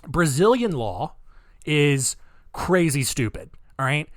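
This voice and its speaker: A man's voice: on the high side, sing-song, slow, no room sound, studio quality. A man hosting a podcast, telling a true-crime story casually with wry, incredulous asides and plenty of "um" and "all right?". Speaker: podcast host.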